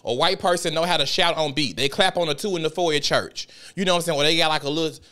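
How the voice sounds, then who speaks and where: A fast-talking podcast host with a high, sharp voice launches into a casual monologue of rants. He tells stories with heat, profanity, and plenty of emphasis.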